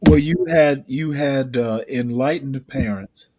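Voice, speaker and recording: A man from Georgia trading jokes in a dry, deadpan manner. His voice sits in a middle pitch, and the sound is close and dry with no room echo. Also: takes it slowly. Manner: dry, joking. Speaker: chat partner. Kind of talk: casual chat.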